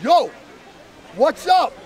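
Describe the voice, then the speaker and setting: A man's voice: extremely high pitch, very animated, extremely slow, darkish tone, a faint crowd, a little hiss or hum, full character voice. A man voicing a dim, laid-back young man with a put-on Brooklyn accent.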